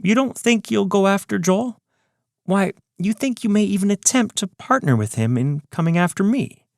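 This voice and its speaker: A man's voice: high-pitched, animated, normal speed, gravelly, no echo, voice pushed up. A smug schemer with a raised, lilting voice, as a male narrator puts him on, mocking and condescending. The recording is dry and close, for a serial audiobook. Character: smug scheming male villain taunting over video.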